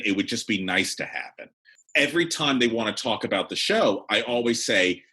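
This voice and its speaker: A man talks as a guest in a casual podcast interview, animated and prone to restarting his sentences. His pitch swings widely, and his tone is bright with a husky edge. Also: normal speed. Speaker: cabaret producer and director, podcast guest.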